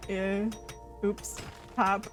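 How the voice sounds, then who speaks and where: A woman's voice: medium pitch, flat delivery, drawn-out words, soft background music. A woman streaming a game live, chatting casually with a friend and laughing often. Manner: laughs often, playful teasing. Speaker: Twitch streamer. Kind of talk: casual gaming stream chat.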